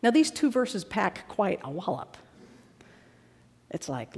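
A woman preacher giving a sermon in a large worship hall, with an animated and dramatic delivery. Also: mid-range voice, takes it slowly, pauses often, slightly rough. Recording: long reverb of a large hall.

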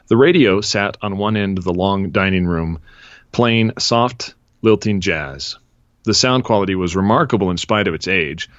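Deep-voiced man reading aloud. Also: a bit bright, no echo, muffled recording. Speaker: podcast host. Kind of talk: casual chat and reading aloud.

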